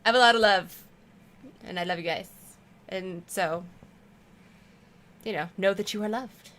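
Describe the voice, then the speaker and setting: A woman streamer who rambles warmly through casual chat as she games. Her voice is bright and forward, sitting a little low for a woman. She talks to her viewers with easy affection. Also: moderate pace, long pauses. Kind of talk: casual chat while gaming.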